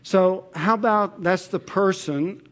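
Guy preaching a bible sermon, slightly higher voice, measured and emphatic, lots of repeating for effect. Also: a bit bright. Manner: measured, emphatic, rhetorical questions and repetition.

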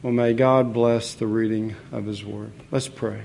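A man preaching a sermon as pastor, measured and earnest, with the odd filler as he explains a passage. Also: fairly low pitch, little pitch movement, creaky, darkish tone, slight background noise.

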